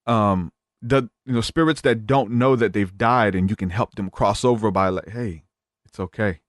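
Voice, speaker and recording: A man's voice: on the low side, normal speed, no room sound, studio quality. A man as a podcast guest, retelling a story in a rambling casual way with many fillers.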